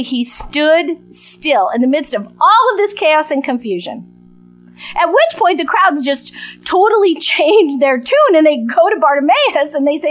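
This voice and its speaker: A woman preaching a sermon, telling a gospel story in a lively way and acting out the voices of the crowd. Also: high-pitched, poor audio.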